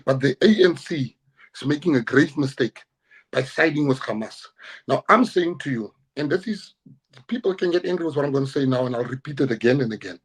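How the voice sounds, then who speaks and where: A middle-aged man with a South African accent, speaking in an interview as a party leader. He is combative and forceful and hammers his points home with repetition. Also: mid-range voice, lively intonation, a little fast, breathy edge, low-quality recording.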